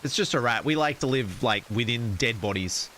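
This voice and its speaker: A man's voice: medium pitch, animated, moderate pace, fairly bright tone, a little hiss or hum, close to an everyday voice, low-quality recording. A man voicing a male rat that nests in dead bodies, talking matter-of-factly. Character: male rat nesting in a corpse.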